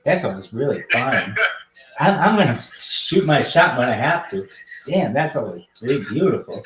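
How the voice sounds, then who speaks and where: A young man hosting a casual livestream, greeting strangers on video chat with loud, excited calls. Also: medium pitch, normal speed, slight background noise. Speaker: livestream host. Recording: roomy echo.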